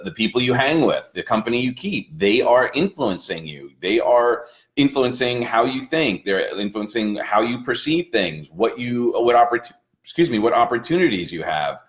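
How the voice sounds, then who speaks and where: A man co-hosting a casual motivational talk, speaking in a measured, reflective way. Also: fairly low pitch. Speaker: co-host.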